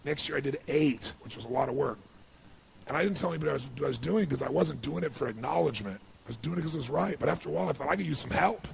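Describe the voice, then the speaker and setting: A man giving an emotional storytelling speech as a motivational speaker, swinging from hushed to loud and high when moved. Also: animated, very fast, a little hiss or hum. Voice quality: gravelly.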